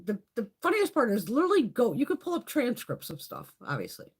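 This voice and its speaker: A middle-aged woman hosting a live chat, ranting in a heated, profane, animated way. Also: on the high side, a little fast, husky. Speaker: live stream host. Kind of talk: casual live chat rant.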